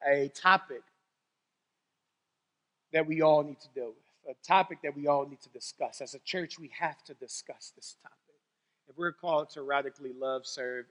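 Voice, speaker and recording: A man preaching a sermon as pastor, telling stories animatedly, swinging between loud exclamations and low serious tones. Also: moderate pace, long reverb tail. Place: church sanctuary.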